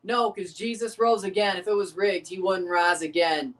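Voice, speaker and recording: A man's voice: high voice, steady tone, normal speed, fairly bright tone, recorded from a distance. A man hosting a livestream, giving loose reaction commentary on a football match, laughing often, swearing and calling out the match minutes. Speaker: livestream host. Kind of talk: casual watchalong reaction commentary.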